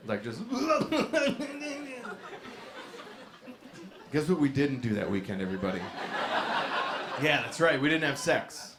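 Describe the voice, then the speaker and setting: Casting note: a low-key deadpan male stand-up comic, recorded in an echoey club with loud crowd noise. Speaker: stand-up comedian. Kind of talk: stand-up set. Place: comedy club stage with a laughing audience.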